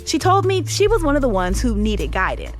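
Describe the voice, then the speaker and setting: A woman hosting and narrating a documentary-style podcast in a measured, storytelling way. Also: a little high, huge pitch swings, soft background music.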